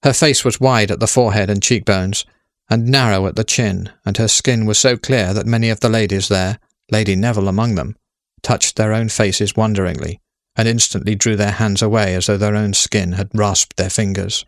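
Low-voiced man narrating a story. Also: steady tone, normal speed, no echo, clean studio sound.

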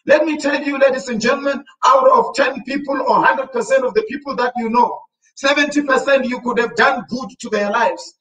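A South African man preaching a sermon as pastor, repeatedly addressing the congregation as ladies and gentlemen. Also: extremely high pitch. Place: church. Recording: echoey church from far off.

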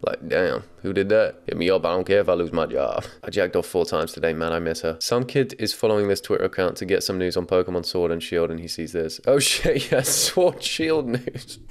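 Low-voiced young man doing comedic commentary. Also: fast talker, hardly any pauses, smooth. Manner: wry, laughs often, casual swearing. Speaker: commentary host.

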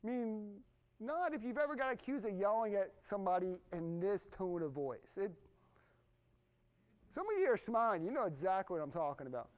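A middle-aged man preaching a sermon in a conversational, animated way, with asides to the congregation. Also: high-pitched, brisk, smooth. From Irish family background. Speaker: pastor.

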